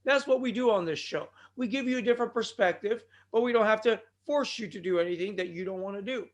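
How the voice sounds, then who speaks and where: High-voiced rambling podcast host. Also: male voice, quick pace. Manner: digressive, with sudden loud outbursts. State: throat bothering him. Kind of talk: rambling solo podcast talk.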